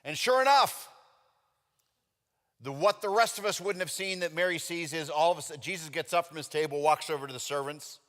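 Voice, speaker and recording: A man's voice: fairly high pitch, a little fast, fairly bright tone. A male pastor preaching a sermon, telling the story with jokes and acting out the characters. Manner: jokey storytelling that acts out the characters. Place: church sanctuary. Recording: echoey church hall.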